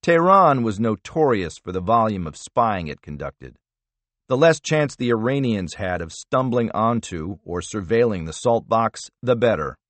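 A man narrating a thriller audiobook in a measured, expressive storytelling manner. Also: on the low side, no room sound. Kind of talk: scripted narration.

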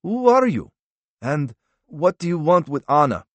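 A man's voice: a little high, very animated, a little slow, fairly bright tone, no room sound, pitched above the performer's own voice. A frail, agitated old man pleads and protests in a raised, strained voice, as a male narrator puts him on. The recording is dry and close. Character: frail older German man in wheelchair, protesting.

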